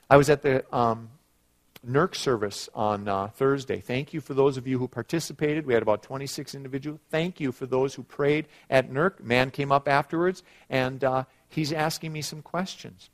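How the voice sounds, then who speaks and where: A middle-aged man preaching a sermon, moving from quiet asides to loud, emphatic passages and telling stories. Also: medium pitch, moderate pace. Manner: storytelling with acted quotes.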